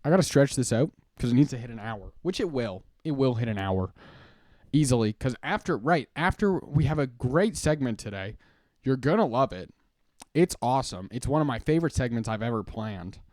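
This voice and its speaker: A man's voice: medium pitch, expressive, moderate pace, a little mellow, no room sound, studio quality. A young man hosting a live stream, chatting casually in a rambling, joking way and often laughing. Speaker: streamer host.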